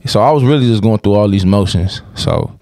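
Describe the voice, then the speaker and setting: A man's voice: fairly low pitch, a little fast, dark tone, no echo, clean studio sound. A young man on a podcast, telling a personal story in casual chat, with lots of slang and swearing and restless run-on sentences.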